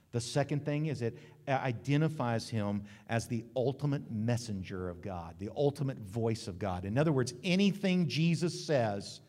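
A male pastor preaching in a church sanctuary, mid-pitched and lively, slipping into comic voices for quotes. His voice rings out with a long hall reverb around it. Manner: lively, joking preacher who acts out quotes. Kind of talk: sermon.

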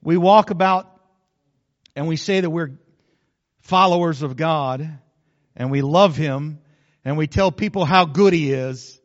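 A man's voice: a little high, a little slow, pauses often, big-room sound, muffled recording. A male pastor preaching a sermon, folksy and joking, with frequent asides to the congregation.

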